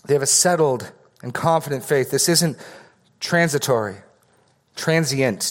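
Male pastor, mid-pitched, earnest sermon delivery with emphatic repetition. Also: big pitch swings, moderate pace. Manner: earnest, repeats words for emphasis. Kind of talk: expository sermon.

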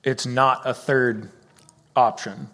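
A man, a church leader, answering questions in a careful, hedging, measured way. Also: medium pitch, fairly even intonation, fairly bright tone. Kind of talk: church Q&A discussion.

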